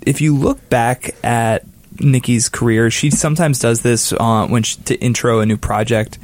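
A man's voice: medium pitch, fairly even intonation. A man on a music podcast panel, talking casually with frequent fillers and restarts. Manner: halting, many fillers and restarts. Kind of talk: casual chat.

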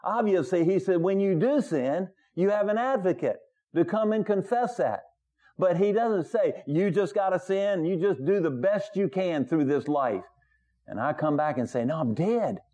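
Man preaching, voice rising on key points. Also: moderate pace. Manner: conversational preaching, swells higher and louder on key points. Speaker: pastor. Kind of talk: sermon.

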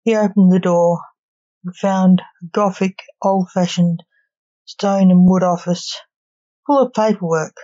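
A woman reading a storybook narration in a calm, unhurried way. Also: lowish voice. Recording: dull lo-fi recording.

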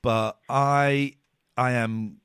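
A man's voice: mid-range voice, steady tone, extremely slow, a bit bright, smooth, no room sound, clean studio sound. A man co-hosting a podcast, talking in a casual, emotional and upset way. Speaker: podcast co-host. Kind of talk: casual chat.

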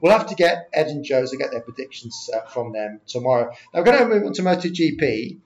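A middle-aged man chats casually as he hosts, changing topics quickly and keeping the others in line. His voice sits in the middle range. The recording is roomy and slightly muffled. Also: mid-range voice, sing-song, darkish tone. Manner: chatty, runs the show, jumps between topics. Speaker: podcast host. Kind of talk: casual chat.

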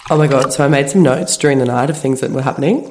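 A woman's voice: rumbling low, racing. A young woman, co-hosting a casual podcast and telling stories with lots of laughter. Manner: giggly, animated storytelling. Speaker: podcast co-host. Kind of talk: casual chat.

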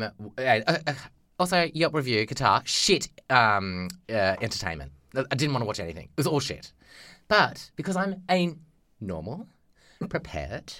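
A man's voice: medium pitch, pushed and bright. A young man on a podcast, telling a travel story in an exasperated, profane rant and acting out the people in it. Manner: profane, exasperated, acts out quotes. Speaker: podcast co-host. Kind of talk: casual ranting storytelling.

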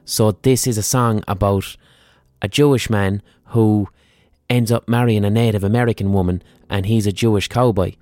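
A man's voice: lowish voice, fairly even intonation, moderate pace, darkish tone, dry recording. Male podcast host, casual, profane, dry close mic. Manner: swearing, exasperated rambling. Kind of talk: casual monologue on music history.

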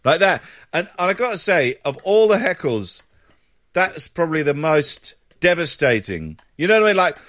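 A man's voice: a little high, moderate pace. A man, a comedian, telling anecdotes in an interview and acting out voices as he goes. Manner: lively storyteller, acts out voices. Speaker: comedian guest.

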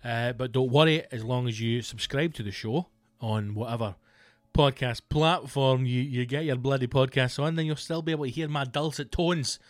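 Rambling Scottish comedian hosting a podcast. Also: male voice, medium pitch, normal speed, dry recording. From Scotland. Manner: rambling, jokey, with playful put-on bits. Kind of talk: casual comedic monologue.

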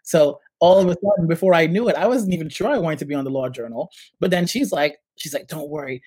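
Fast-talking New York man, animated storyteller. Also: fairly high pitch, slightly rough, no room sound, low-quality recording. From United States. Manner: animated storyteller, acts out quoted voices. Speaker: startup CEO, guest. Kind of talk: casual interview conversation.

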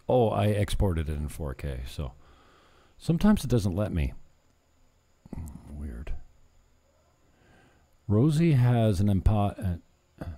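This vlogger has a low, dark-toned voice and chats casually, rambling and poking fun at himself. Now and then he slips in some broken Spanish.

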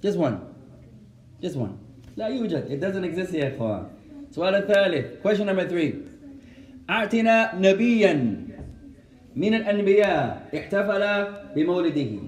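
Man, religious teacher, high voice, animated, quizzes the class, roomy echo. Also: rapid-fire, a little hiss or hum. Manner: animated, switches between Arabic and English, asks the class questions. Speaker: Islamic teacher. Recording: echoey room.

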